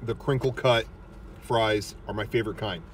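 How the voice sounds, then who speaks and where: A man's voice: lowish voice, normal speed. Hyped-up guy cursing over food in a car, mic kinda far off. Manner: excitable, swears freely. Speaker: host. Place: inside a parked car. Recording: distant mic in a car, faint noise.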